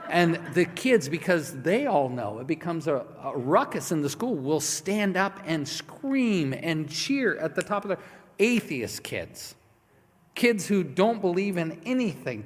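A man preaching a sermon as pastor, swinging from hushed, quiet lines to loud, passionate ones. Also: on the high side. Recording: long reverb of a large hall.

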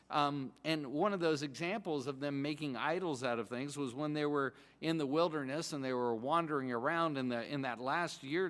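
A pastor giving a sermon in a conversational, excitable way, often restarting his sentences. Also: medium pitch, big-room sound.

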